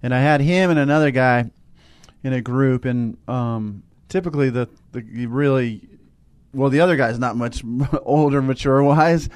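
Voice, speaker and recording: A man's voice: medium pitch, darkish tone, smooth. A man who works as a teacher, telling a story in a casual spiritual chat with many restarts and hesitations. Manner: rambling, halting storytelling.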